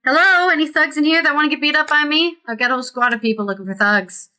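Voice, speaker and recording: A woman's voice: sits high, quick pace, pushed and bright. A woman streamer giving chatty let's-play commentary, reading quest text aloud and reacting as she plays. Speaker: gaming streamer.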